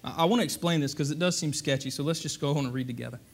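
A man preaching a sermon, animated and conversational, asking the congregation rhetorical questions. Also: a little high, rapid-fire, slight background noise. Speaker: pastor.

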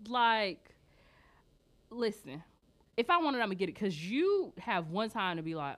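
A woman's voice: medium pitch, very animated, moderate pace. A woman co-hosting a podcast, giving blunt, profane opinions in casual chat. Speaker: podcast co-host.

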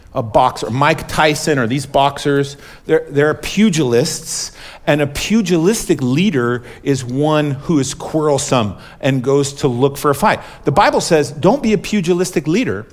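A male pastor delivers a sermon with a voice pitched a little above the usual for a man. He drives his points home through repetition and keeps asking the congregation to respond. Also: lively intonation, a little slow. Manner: emphatic, repetitive preaching that calls for audience responses.

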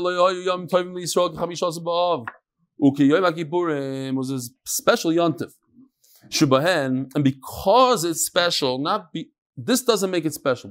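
A man teaching an informal Talmud class to a live audience, a rabbi who wanders into asides and jokes and mixes Hebrew and Yiddish terms into his English. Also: fairly high pitch. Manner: digressive and joking, mixing in Hebrew and Yiddish terms.

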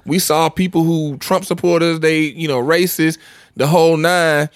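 Animated man telling stories on a podcast. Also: fairly high pitch, normal speed, dry recording. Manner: animated storyteller, laughs easily, restarts often. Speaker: podcast co-host. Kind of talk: casual podcast chat.

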